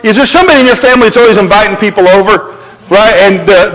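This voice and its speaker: A male pastor preaching a sermon in an animated, conversational way, asking the crowd to respond. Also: sits high, quick pace, in a large hall, a little hiss or hum, low-quality recording.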